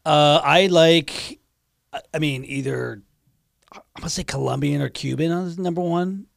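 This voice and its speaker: Man, podcast co-host, gravelly and slightly high, crude and argumentative, dry close mic. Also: measured pace, no room sound. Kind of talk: casual banter.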